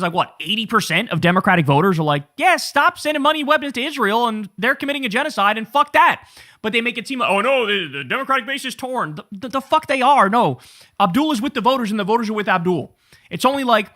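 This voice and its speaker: A man's voice: high-pitched, a bit bright, dry recording, studio quality. A man hosting a political commentary show, ranting in a fiery, profane and sarcastic way.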